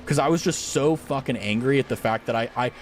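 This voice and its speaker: A man's voice: medium pitch, fairly quick, slight background noise. A young man streaming as a VTuber, chatting casually with viewers and telling a rambling, profane story.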